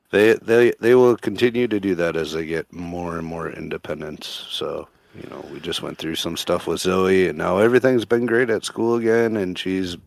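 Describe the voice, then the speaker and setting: A man with a very deep, gravelly voice, co-hosting a casual podcast. He is recorded dry and close to the mic and speaks in an easygoing, reassuring way. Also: no echo. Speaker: podcast co-host.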